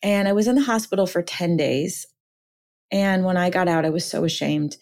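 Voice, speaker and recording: A woman from Minnesota, an author and counselor, shares her story as a podcast guest. She speaks in a fairly low voice, earnest and reflective as she goes. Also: moderate pace, darkish tone. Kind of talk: personal testimony in conversation.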